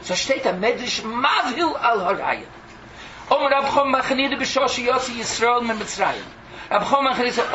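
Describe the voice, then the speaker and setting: Excitable preacher. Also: male voice, very high-pitched, brisk, recorded from a distance, highs cut off, noisy background. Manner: excitable, mixes in Hebrew and Yiddish phrases. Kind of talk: animated sermon storytelling.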